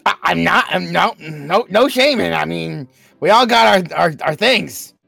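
A player with a lively, swooping voice and a gravelly edge, cracking jokes at a tabletop game. They stammer and let sentences sink into low mumbles, with faint music behind. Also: unhurried. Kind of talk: casual in-character banter.

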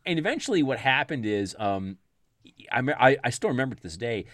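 Animated man telling a story, lively voice. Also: medium pitch, a little fast, no room sound, studio quality. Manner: animated, laughing, acts out voices in quotes. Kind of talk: casual storytelling chat.

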